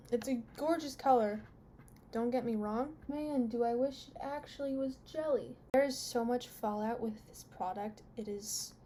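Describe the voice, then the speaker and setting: A young woman talks through a makeup review in a candid, chatty way and complains openly about what she bought. Her voice sits a little high with a mellow, soft tone, and faint noise hums behind her. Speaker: beauty vlogger.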